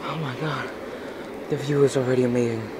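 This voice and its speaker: On a tall outdoor rock staircase, a young man with a medium-pitched voice vlogs his ascent a little quickly, out of breath and amazed by what he sees. Loud crowds and outdoor sounds fill this casual travel recording.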